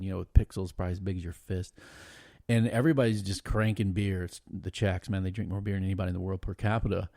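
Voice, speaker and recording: A middle-aged man on a podcast telling a story in an animated, laughing way, often stopping and starting again. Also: fairly low pitch, creaky, dry recording, clean studio sound. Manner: animated, laughing, trails off and restarts. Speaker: podcast guest. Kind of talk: casual storytelling chat.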